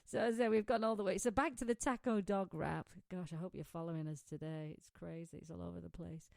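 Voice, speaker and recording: A woman's voice: on the low side, quick pace, gravelly, a little mellow, no echo. A woman hosting a pet-tips show in casual chat, talkative and laughing often as she wanders between stories. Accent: non-American, says it is her own.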